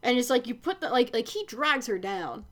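A woman co-hosting a podcast, recapping a TV episode in casual, animated chat, with lots of swearing and filler words. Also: on the high side, normal speed. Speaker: podcast co-host.

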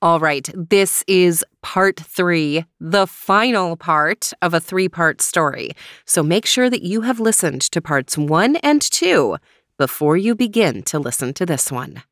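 A woman narrates a children's story in a calm, gentle reading voice. Her register sits low for a woman, and the recording is close and dry. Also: measured pace, no echo.

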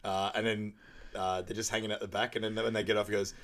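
A man's voice: on the low side, little pitch movement, fast, fairly bright tone. A man co-hosting a film recap podcast, retelling scenes with quoted lines and laughing often. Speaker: podcast co-host. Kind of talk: casual film recap chat.

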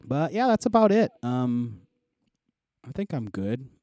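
This male podcast host has a warm, sing-song, mid-range voice and a measured pace. His casual chat rambles, full of fillers and false starts, and the recording has no room sound.

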